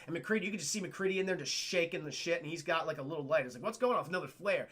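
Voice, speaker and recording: A man's voice: on the high side, breathy edge. A man streaming live, recapping a film scene by scene for his chat in a loose, profane way and acting out the characters' lines. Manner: animated, acts out characters' lines in quick changes of voice; swears a lot and keeps addressing the chat.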